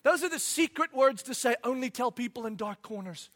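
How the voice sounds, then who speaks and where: Animated high-voiced male preacher. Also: brisk. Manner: animated, swings from loud bursts to quiet asides, acts out quotes. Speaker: pastor. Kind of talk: sermon.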